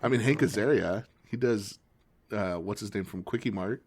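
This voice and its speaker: Low-voiced man in casual podcast banter. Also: normal speed, slightly rough. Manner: relaxed, laughs often, teasing. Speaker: podcast co-host. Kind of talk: casual chat.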